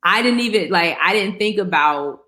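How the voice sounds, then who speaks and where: Young adult woman, podcast co-host, emphatic and slangy, mid-pitched voice. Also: normal speed. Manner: animated, emphatic storytelling with slang. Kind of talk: casual chat.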